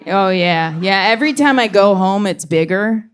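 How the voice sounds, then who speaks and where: A young woman performing a stand-up comedy set on a club stage, delivering deadpan punchlines and slipping into quick voices for the characters in her stories. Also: medium pitch, clear, resonant tone. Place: comedy club stage before a live audience.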